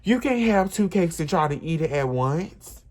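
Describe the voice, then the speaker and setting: Animated man telling a storytime. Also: a little high, normal speed. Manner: animated, repetitive, emphatic retelling. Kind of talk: casual storytime.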